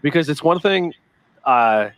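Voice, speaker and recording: A man hosting a podcast, telling excitable, casual stories and swearing freely. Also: a little high, a little slow, no room sound. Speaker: podcast host. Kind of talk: casual chat.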